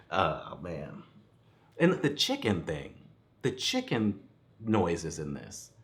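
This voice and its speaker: A man with a fairly low voice talks through a movie review in a loose, rambling way. He laughs between thoughts and swears freely, keeping it casual and unscripted. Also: huge pitch swings, very slow, fairly bright tone. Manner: rambling, chuckling, profane. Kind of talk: casual spoken film review.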